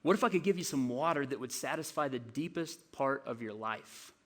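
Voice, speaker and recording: A man speaking as a kind, gently teasing Jesus. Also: medium pitch, expressive, fairly quick, pitched below the performer's own voice. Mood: gentle. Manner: kind, with a hint of sarcasm.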